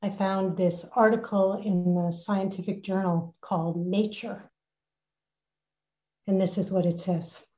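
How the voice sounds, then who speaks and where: Woman retreat teacher, unhurried and warm, gentle delivery, slightly dull lo-fi home recording. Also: mid-range voice, fairly even intonation. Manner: gentle, unhurried, laughs softly. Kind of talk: reflective retreat talk. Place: at home with a dog nearby.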